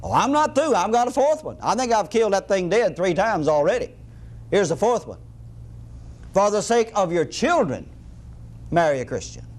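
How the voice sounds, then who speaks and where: A middle-aged man preaching a sermon, folksy and animated, with humorous asides. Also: high-pitched, normal speed, pauses often.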